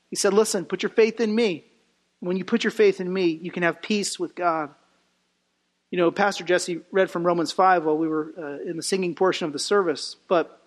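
A man's voice: sits high, a bit bright. A man preaching a sermon in a church, earnest and building emphasis with rhetorical questions. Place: church sanctuary. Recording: long reverb of a hall.

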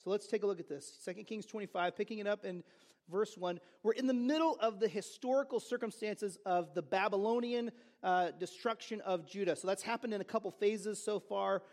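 A man's voice: high voice, a little fast, darkish tone. A man preaching a sermon as pastor, with conversational storytelling and joking asides. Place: church service.

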